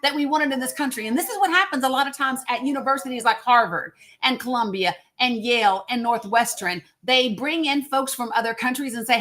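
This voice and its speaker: A woman hosts a livestream in a blunt, profane, direct way. Her voice sits high. She speaks straight to her viewers. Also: fairly quick, hardly any pauses, a bit bright. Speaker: host. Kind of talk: political livestream commentary.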